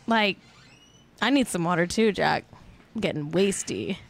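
A young woman hosting a podcast, a little tipsy and chatting casually. She rambles and giggles, full of fillers, and her pitch swings up and down a lot. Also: expressive, a little slow, vocal fry. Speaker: podcast host. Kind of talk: casual chat.

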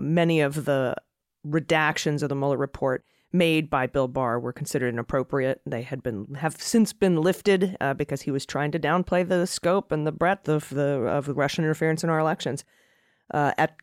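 A woman's voice: sits low, moderate pace, no room sound, clean studio sound. A woman hosting a political podcast in casual chat, wry and sardonic, with frequent fillers. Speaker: podcast host.

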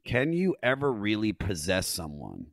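A man's voice: lowish voice, wildly swooping pitch, normal speed, creaky, dry recording, clean studio sound. A man hosting a podcast, chatting in a laid-back way and swearing casually. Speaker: podcast host.

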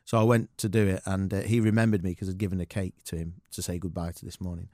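Fast-talking man telling stories. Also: low-pitched, no room sound, studio quality. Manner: animated anecdotes with quoted voices and laughter. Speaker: guest. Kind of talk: casual interview storytelling.

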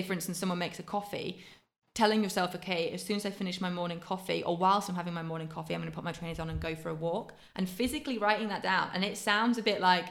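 A woman, a fitness coach giving quick practical advice in casual podcast chat. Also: lowish voice, creaky. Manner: fast, practical advice with many fillers.

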